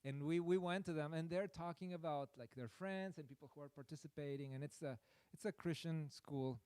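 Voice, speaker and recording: A man's voice: on the high side, brisk, darkish tone, clear, resonant tone, no echo. A man preaching a sermon through a personal story, in a rambling, self-deprecating way with many fillers.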